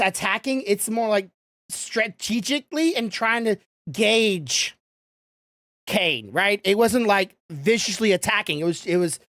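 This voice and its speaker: A woman's voice: medium pitch, no echo, clean studio sound. A woman narrating a role-play story as game master, rambling and restarting her sentences. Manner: rambling, full of fillers and restarts.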